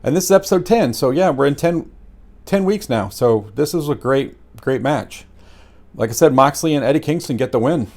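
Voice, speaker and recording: A man casually reviewing wrestling matches in a rambling, animated way, with lots of fillers and chuckles. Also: medium pitch, moderate pace.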